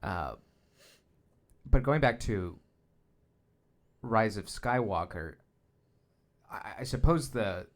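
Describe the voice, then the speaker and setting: A man co-hosting a podcast in casual fan discussion, speaking thoughtfully with halting restarts. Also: lowish voice, animated. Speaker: podcast co-host.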